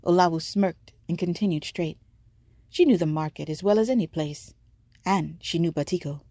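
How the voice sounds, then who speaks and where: A woman reading a story aloud in a measured, vivid narrating manner. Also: lowish voice, warm tone, no echo. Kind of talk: scripted audiobook narration.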